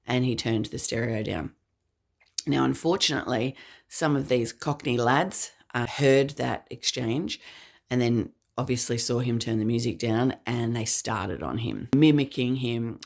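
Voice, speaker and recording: Aussie lady in her 50s telling her story, earnest and measured, bit of fry in the voice. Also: a bass voice. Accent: Australian. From England. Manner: earnest, measured, dropping quiet at grave moments. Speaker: speaker. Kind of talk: personal storytelling.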